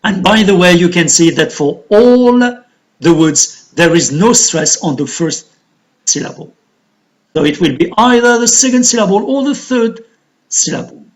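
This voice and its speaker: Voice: medium pitch, animated, a little slow, rough recording. An English teacher with an Algerian accent, giving a recorded lesson and explaining step by step, asking questions and answering them.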